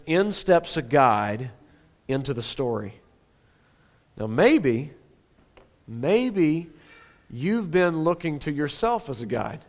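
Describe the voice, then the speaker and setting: A man giving a sermon as a pastor, talking conversationally with rhetorical questions and dropping from animated to hushed. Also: fairly high pitch.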